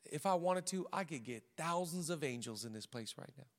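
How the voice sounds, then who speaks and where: Male pastor doing a laid-back, chatty Jesus, high bright voice, long church reverb. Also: animated, moderate pace. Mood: hushed. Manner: casual, chatty modern slang. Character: Jesus, a calm, casual, down-to-earth young man.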